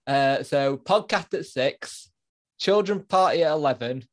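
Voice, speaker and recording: A man's voice: a little high, a little slow. A man, co-hosting a podcast and chatting casually as a parent, telling rambling, self-mocking stories. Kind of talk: casual chat.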